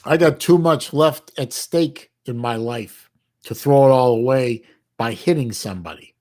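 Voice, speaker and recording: Reading chat on his livestream, this middle-aged man from the US speaks in a mid-range, slightly mellow voice. He chats casually but haltingly, with lots of restarts and homespun slang.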